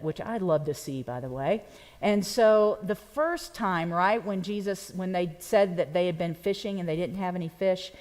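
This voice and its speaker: A woman's voice: lowish voice, a little mellow. A woman pastor, preaching a sermon in a conversational, playful way and speaking directly to her congregation. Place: church sanctuary. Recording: long church reverb.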